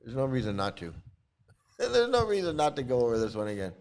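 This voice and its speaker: On a live stream, a man with a medium-pitched, slightly mellow voice and huge pitch swings briskly reads out quotes and comments on them scornfully, occasionally erupting in angry, sweary outbursts.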